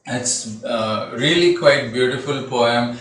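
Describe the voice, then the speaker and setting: A man lectures on a poem at an unhurried pace, breaking up his points with "uh" fillers. He sounds a few steps from the mic, and the room around him rings with strong echo. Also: medium pitch, fairly bright tone. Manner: slow and deliberate, with frequent "uh" fillers. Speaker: literature lecturer. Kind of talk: explaining a poem. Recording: very echoey room, distant mic.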